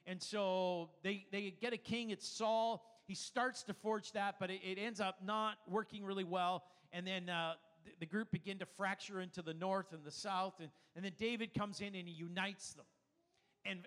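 A man's voice: sits high, fairly bright tone, in a large hall. A man preaching a conversational sermon, teaching as he goes and often restarting his sentences. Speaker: pastor.

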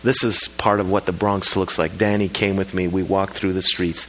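A man preaching a sermon, telling a congregation a story in a lively storytelling way. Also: low-pitched, normal speed, low-quality recording. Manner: preaches with rising emphasis and storytelling; talks to the congregation about slides. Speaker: pastor.

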